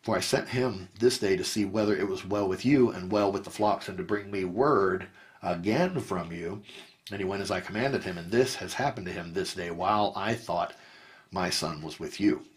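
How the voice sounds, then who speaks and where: A grieving old patriarch mourns his lost son, as a man reading scripture aloud voices him. The voice sits fairly low and moves at an earnest, measured pace. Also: close to an everyday voice.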